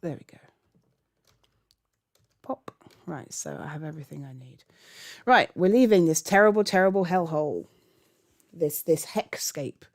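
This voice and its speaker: Low, gravelly woman chatting through gameplay. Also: sing-song, moderate pace, pauses often. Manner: chatty and rambling, laughing often, muttering asides to herself. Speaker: gaming channel host. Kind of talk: casual gameplay commentary.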